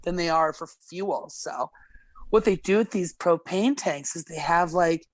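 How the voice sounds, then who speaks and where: A woman's voice: lowish voice, a little slow, dry recording. A woman from Alberta, a gas service technician telling rambling work stories on a podcast, swearing freely. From Alberta, Canada. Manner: profane, blunt, rambling. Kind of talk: casual podcast storytelling.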